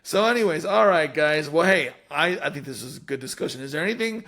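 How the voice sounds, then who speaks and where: A man's voice: fairly high pitch, lively intonation, quick pace, pushed and bright. A man hosting a casual podcast, joking with his co-hosts and steering the talk. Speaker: podcast host.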